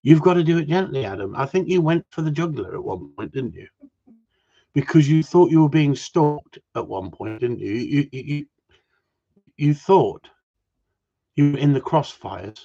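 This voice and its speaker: Husky, swearing man teasing mates. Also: a little high, lively intonation, moderate pace, dark tone. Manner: swears freely, teasing, laughs often. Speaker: host of a gundog group chat. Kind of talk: crude joking banter. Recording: dull lo-fi sound.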